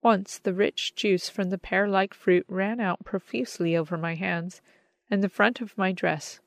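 A woman reading a story aloud as narrator, in a measured, expressive storytelling manner. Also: mid-range voice, vocal fry, dry recording. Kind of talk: scripted audiobook narration.

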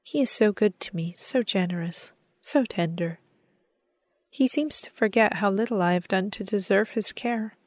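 A woman's voice: medium pitch, normal speed, no room sound, natural voice. A woman voicing a sweet, devout young girl who speaks eagerly and tenderly in a storybook reading. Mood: devoted.

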